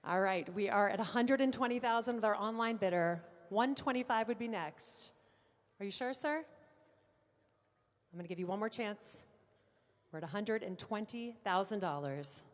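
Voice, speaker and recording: A woman auctioneer runs a live car sale, rattling off figures and teasing bidders between calls. Her voice rings out in a large room with a long trailing reverb. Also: mid-range voice. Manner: brisk bid-calling with playful asides to bidders.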